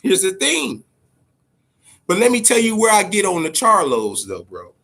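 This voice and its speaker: High, bright-voiced ranting man. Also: wildly swooping pitch, moderate pace, gravelly. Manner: profane, heated ranting. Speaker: boxing show host. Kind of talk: casual boxing commentary.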